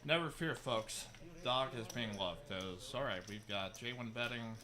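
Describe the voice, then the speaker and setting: An easygoing man calls a poker game live and drops in chatty asides. His voice sits at a middle pitch, with a crowd chattering behind him. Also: measured pace. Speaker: poker stream commentator. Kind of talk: live play-by-play commentary.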